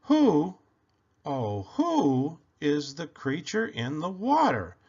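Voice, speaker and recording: A man voicing a gentle young male dinosaur in a storybook, plaintive and wondering. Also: on the high side, wildly swooping pitch, very slow, husky, lo-fi sound, full character voice.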